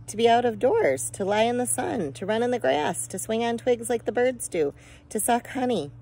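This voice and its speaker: A woman voicing an eager young borrower girl in a storybook reading, talking high and wistfully. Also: a little slow, dark tone, poor audio.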